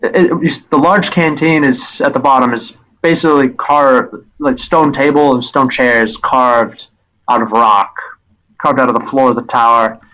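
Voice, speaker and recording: A man's voice: mid-range voice, fairly even intonation, moderate pace, pushed and bright, poor audio. A man narrating as game master of a tabletop game, describing scenes with frequent restarts.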